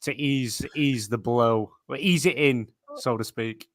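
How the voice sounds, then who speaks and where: Man, podcast co-host, deadpan teasing, mid pitch, dry sound. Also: unhurried, no room sound. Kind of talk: casual podcast chat.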